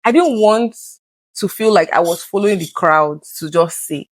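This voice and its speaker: A woman's voice: lowish voice, moderate pace, dry recording. Earnest woman telling her story, dry sound. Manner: earnest, reenacts conversations with lively quoted voices. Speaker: guest. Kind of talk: candid personal conversation.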